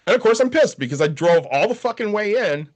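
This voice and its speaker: A brisk man with a high voice co-hosts a podcast. In casual chat he recounts a long story full of swearing, acting out others' dialogue with animation, though lack of sleep leaves him sounding worn out.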